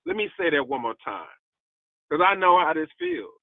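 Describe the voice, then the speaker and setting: A man's voice: on the high side, wildly swooping pitch, normal speed, dry recording. Emphatic preacher man, tinny phone sound. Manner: repeats key lines, emphatic, testifying. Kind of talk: motivational devotional talk. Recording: tinny phone-like audio, dry.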